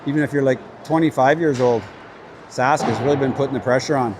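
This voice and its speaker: A man's voice: mid-range voice, fairly even intonation, fairly quick, background noise. A man casually calling an amateur hockey game on a livestream, chatty and openly cheering for his team. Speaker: play-by-play commentator. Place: at a rink with a crowd.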